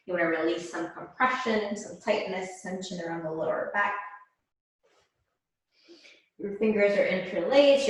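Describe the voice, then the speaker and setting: A woman yoga instructor guiding a class, giving slow, calm, soothing cues with pauses. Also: medium pitch. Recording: very echoey room.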